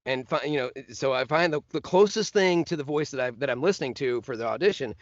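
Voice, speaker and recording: A man's voice: mid-range voice, fast, no room sound, lo-fi sound. A man, a voice actor guest, telling stories in casual chat and slipping into other voices as he goes. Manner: animated, slips into voices and laughs while telling stories.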